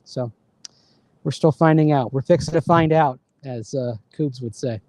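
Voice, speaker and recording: A man's voice: mid-range voice, moderate pace, darkish tone, dry recording. A man co-hosting a casual sports radio show. He rambles and restarts his sentences often.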